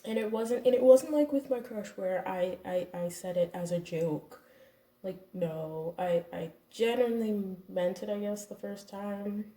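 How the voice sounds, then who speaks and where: Chatty YouTuber in her twenties, self-deprecating, mellow tone, recorded a bit far off in an echoey room. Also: medium pitch, steady tone, unhurried. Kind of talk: casual confessional story time.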